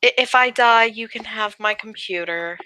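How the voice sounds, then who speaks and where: A woman's voice: fairly high pitch, moderate pace, sharp tone, rough recording. A woman playing a shy, anxious young woman character in a tabletop role-playing game, speaking hesitantly over an online call. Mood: nervous. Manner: hesitant, flustered delivery.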